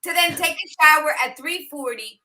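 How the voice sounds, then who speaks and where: A woman co-hosting a podcast speaks in a notably bright, slightly high voice. She is blunt and profane, and her talk moves along in casual, no-nonsense chat. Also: normal speed, rough recording. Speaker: podcast co-host.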